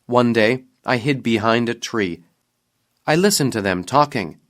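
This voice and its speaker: A man voicing a sorrowful young king, half turned to stone, in a storybook reading, in a low and subdued manner. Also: lively intonation, measured pace, a bit bright.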